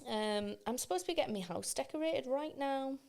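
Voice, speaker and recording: A woman's voice: high voice, animated, brisk, vocal fry, darkish tone. A woman, co-hosting a casual podcast chat and telling everyday stories with quoted voices. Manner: chatty storyteller acting out quoted voices. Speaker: podcast co-host.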